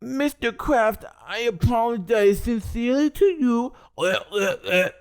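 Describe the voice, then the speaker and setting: A man's voice: very high voice, expressive, unhurried, clean tone, voice pushed up, exaggerated voice. A man putting on a groveling, stammering football player begging forgiveness. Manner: simpering, stammering mockery.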